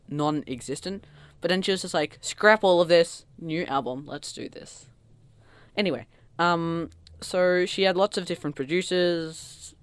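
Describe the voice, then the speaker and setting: A podcast co-host in casual chat, talking fast and bursting into loud mock quotes. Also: medium pitch, clean tone, dry recording. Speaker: podcast co-host reviewing an album.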